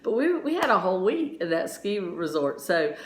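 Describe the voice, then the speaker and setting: A woman science teacher telling a lively story during a lesson, laughing often as she goes. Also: fairly low pitch, normal speed, a little hiss or hum. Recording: roomy echo.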